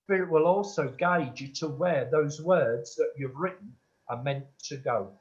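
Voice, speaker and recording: A man's voice: a little high, a little slow. A man working as a medium, earnestly answering an audience member's question in a church and calling her sweetheart. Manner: earnest and insistent, calls listeners sweetheart. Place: church hall. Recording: dull lo-fi recording.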